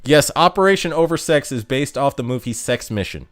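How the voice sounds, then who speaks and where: A male streamer chats loosely with his viewers, his pitch swinging up and down as he jokes. He rambles from one comment to the next and often laughs at his own bits. His voice sits at an ordinary middle pitch. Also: expressive, a little fast. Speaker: livestreamer reading chat. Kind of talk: casual livestream chat.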